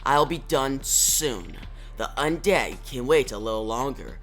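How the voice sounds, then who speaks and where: Comic recap: reviewer voicing a scheming mad scientist, low and threatening, slowed down. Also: lively intonation, soft background music. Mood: menacing. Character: cold, menacing male scientist commanding androids.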